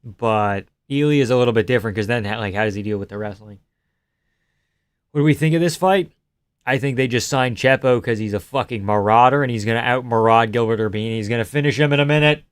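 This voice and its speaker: A man streaming live reactions to a fight, talking casually with lots of swearing and bursting into shouted groans. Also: medium pitch, fast talker, clear, resonant tone. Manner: profane and excitable, breaking into shouted groans.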